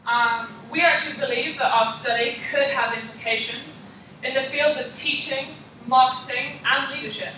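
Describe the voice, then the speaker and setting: A woman's voice: high voice, fairly even intonation, normal speed, bright, forceful tone, slight background noise. A young woman, a student, practicing a class presentation and reading from prepared slides with frequent ums. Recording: echoey room, mic far off.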